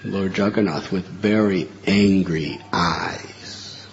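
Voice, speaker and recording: Man, preacher, sermon storytelling, slow delivery, dull muffled recording. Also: sits low, gravelly, slight background noise. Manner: animated, laughs while telling story.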